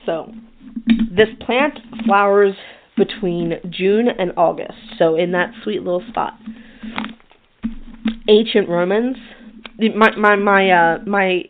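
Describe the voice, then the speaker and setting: A woman's voice: mid-range voice, slow, pauses often, a little hiss or hum. Chatty woman on a tinny line. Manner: chatty, self-deprecating, stumbles over names. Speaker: podcast host. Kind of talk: casual chat reading research notes. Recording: tinny phone-like sound.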